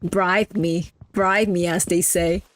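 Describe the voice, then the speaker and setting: A woman's voice: fairly low pitch, fairly even intonation, slow. A young adult woman streaming a game, chatting casually and teasing her chat with mock-snobby banter. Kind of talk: casual live-stream chatter while gaming.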